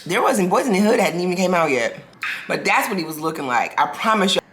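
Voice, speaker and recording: Woman, 40s, casual storytelling, lively, restarts sentences, echoey room. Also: fairly low pitch, a little fast, heavy background noise. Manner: animated, restarts sentences, acts out quoted people. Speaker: vlogger. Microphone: self-filmed camera.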